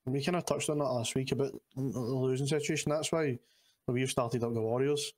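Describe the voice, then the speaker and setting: A man's voice: mid-range voice, fairly even intonation, normal speed, darkish tone. A man co-hosting a casual chat, asking questions eagerly and often repeating himself. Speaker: podcast co-host.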